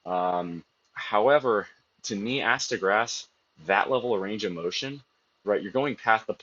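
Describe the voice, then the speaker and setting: A man's voice: fairly low pitch, a little slow, bright, forceful tone. A man streaming live from a gym, chatting casually and with strong opinions between sets, swearing freely, in dull lo-fi audio. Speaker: streamer working out. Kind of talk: casual workout chat while lifting.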